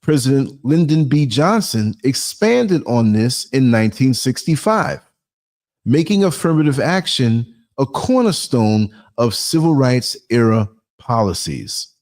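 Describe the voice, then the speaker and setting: A man's voice: medium pitch, expressive, a little slow, darkish tone. Chatty man hosting a livestream. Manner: chatty, laughs often, reads out chat comments. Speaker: podcast host. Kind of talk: casual livestream talk.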